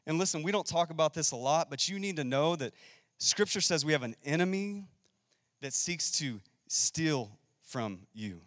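Emphatic preacher in a big hall. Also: male voice, on the high side, clean studio sound. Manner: emphatic, swings from loud to hushed. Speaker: pastor. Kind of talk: sermon.

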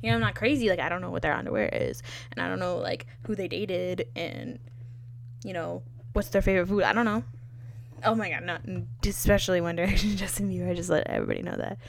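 A woman's voice: on the low side, fast, creaky, slight background noise. A young woman hosting her own podcast, rambling chattily and poking fun at herself with lots of fillers. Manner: chatty, self-deprecating, digressive, heavy on fillers. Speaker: podcast host. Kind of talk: rambling solo podcast chat.

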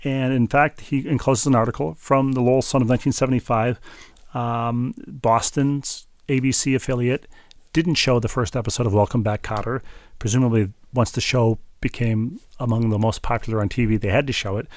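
A man's voice: medium pitch, steady tone, fairly quick, no room sound, clean studio sound. A man co-hosting a podcast in a casual, chatty way, reading out listener emails with playful wordplay. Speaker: podcast co-host.

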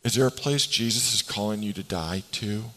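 A pastor preaching to his congregation in a somewhat low male voice. He moves between quiet, drawn-out phrases and emphatic, rising lines. He gives the scripture characters voices of their own as he tells the story. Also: a little hiss or hum, low-quality recording. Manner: expressive, swings between hushed and emphatic delivery. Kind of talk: sermon.

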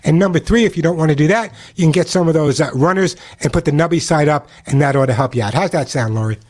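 Animated New York radio host, man. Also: on the high side. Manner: animated, fast-talking, chatty. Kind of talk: call-in radio advice and ad reads.

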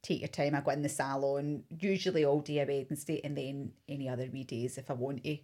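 A middle-aged Scottish woman, a hair stylist, chatting in an interview with an animated, laugh-filled storytelling manner. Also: a bass voice, a little fast. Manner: animated, laughs often, breaks into lively impressions. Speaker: hair stylist and business owner.

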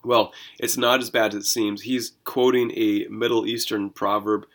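Pastor guy with a lowish voice doing bible commentary, chatty and animated, asks lots of questions. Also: moderate pace. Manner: conversational, animated, rhetorical questions. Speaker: pastor and podcast host.

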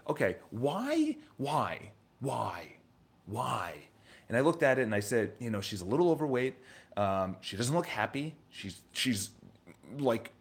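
A man in his thirties delivers a loose motivational monologue, jumping from one story to the next. He talks casually and swears at times. He often stumbles, restarts and repeats words before pushing on. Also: medium pitch. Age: 30s.

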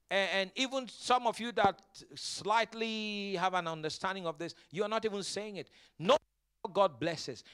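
High bright-voiced male pastor preaching. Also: clean tone. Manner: preaching with call-and-response to the congregation; rises to loud emphatic declarations. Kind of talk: sermon.

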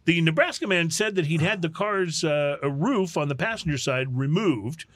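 A man's voice: a little high, expressive, moderate pace, a bit bright, dry recording. A man hosting a casual podcast, reading a funny news story in a mock-newscaster way and laughing often. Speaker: host.

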